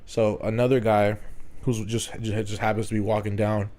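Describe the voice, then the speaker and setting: A man's voice: lowish voice, normal speed, a little hiss or hum. A young man casually telling a story to friends on a podcast, swearing and laughing often. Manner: swearing, laughing, animated retelling. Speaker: podcast host.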